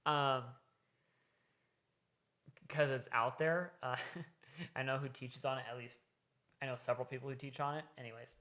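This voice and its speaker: A man's voice: mid-range voice, steady tone, normal speed, long pauses, sharp tone. A man hosting a reaction video, explaining sales techniques in casual commentary with frequent "right?" asides.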